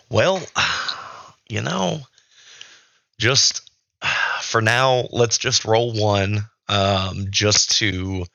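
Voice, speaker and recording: Man, tabletop storyteller, low-ish voice, dry close sound, hesitant and pausing. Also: creaky, sharp tone, no room sound, muffled recording. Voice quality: hesitant, thinks aloud with many pauses. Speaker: storyteller running a tabletop game. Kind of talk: narrating and ruling a tabletop game.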